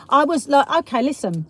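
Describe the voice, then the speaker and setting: A middle-aged Englishwoman with a South East London accent hosts a laid-back livestream, rambling cheerfully, laughing a lot, and reading viewers' comments aloud. Her voice sits high and sounds husky.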